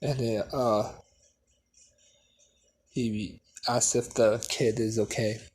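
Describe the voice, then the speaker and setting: Brief: male fan storyteller, unhurried, halting, casual delivery. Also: on the low side, steady tone, darkish tone, slightly rough. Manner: halting, full of fillers and restarts. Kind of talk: casual unscripted story retelling.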